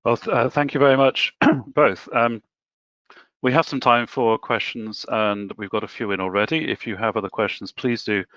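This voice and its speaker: A man's voice: mid-range voice, fairly even intonation, normal speed, a bit bright, no room sound, highs cut off. A man moderating the question session of an online webinar, hesitant with frequent filler sounds.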